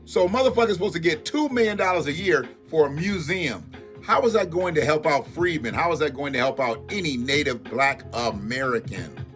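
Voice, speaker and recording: A man's voice: a little high, a bit bright. A man hosting a live-stream commentary show, ranting bluntly and profanely and talking straight to his viewers. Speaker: livestream host.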